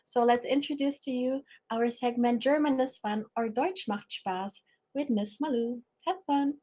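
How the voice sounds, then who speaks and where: Soft-spoken Filipino woman co-host. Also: a little high, a little slow. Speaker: radio co-host. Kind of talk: radio segment introduction. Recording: dull lo-fi broadcast sound.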